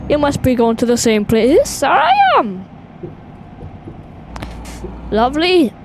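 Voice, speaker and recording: A woman with a Welsh accent chatting excitably to viewers while playing a driving game. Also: high voice, takes it slowly. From Wales. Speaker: gaming video host. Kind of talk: casual gameplay commentary. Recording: game engine noise behind voice. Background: truck and vehicle sounds from game.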